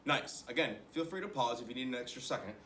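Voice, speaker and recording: A man's voice: mid-range voice, animated, fast talker, pushed and bright, echoey room, far from the mic, slight background noise. A young man teaching an online music lesson to children, encouraging them and counting rhythms aloud as he claps.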